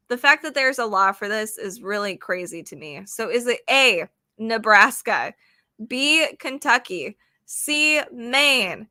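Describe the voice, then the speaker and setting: A woman's voice: a little high, bright, forceful tone, no room sound, clean studio sound. A woman hosting a casual trivia livestream, chatty and apologetic as she reads questions aloud to her chat. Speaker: livestream host running trivia games.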